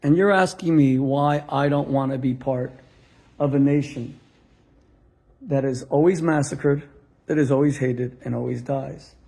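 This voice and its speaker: A man's voice: medium pitch, a little slow, gravelly, mellow. A middle-aged male rabbi telling a story in a sermon, acting out both sides of a conversation and landing punchlines. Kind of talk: storytelling sermon to a live audience.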